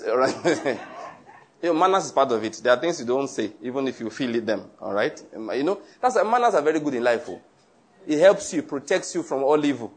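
A man's voice: fairly high pitch, breathy edge. A man preaching a Bible-study sermon, reading scripture aloud and earnestly repeating his points for emphasis. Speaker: pastor teaching a Bible study.

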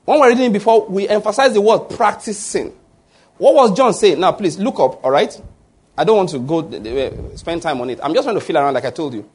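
A man's voice: sits high, animated, fairly quick, husky. A man preaching a sermon, emphatic and often restarting his words while asking the congregation to fill in the answers. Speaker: pastor.

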